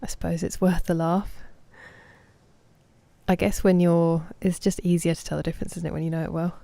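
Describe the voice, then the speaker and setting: A woman's voice: fairly low pitch, flat delivery, a little fast, vocal fry, warm tone, dry recording. A woman in her thirties chatting casually while streaming a game, rambling off on tangents and laughing as she talks to her viewers. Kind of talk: casual chat while gaming.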